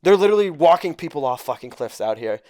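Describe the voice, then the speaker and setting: Pria bercerita blak-blakan, suara kering. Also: male voice, on the high side, fast, no echo, studio quality. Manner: animated, profane, quotes others and himself. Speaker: podcast guest. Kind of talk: casual storytelling.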